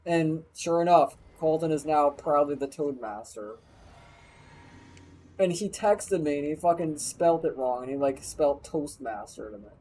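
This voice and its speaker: A man's voice: fairly high pitch, measured pace, dark tone, low-quality recording. A man streaming a game, chatting casually in a crude, rambling way and swearing often. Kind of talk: casual gameplay banter.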